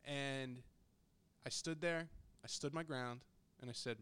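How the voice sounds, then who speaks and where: A man's voice: medium pitch, fairly even intonation, slow, fairly bright tone, clean tone. A young man on a podcast telling a story in casual, blunt, profanity-laced chat, right up on the microphone. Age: young adult. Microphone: close studio microphone.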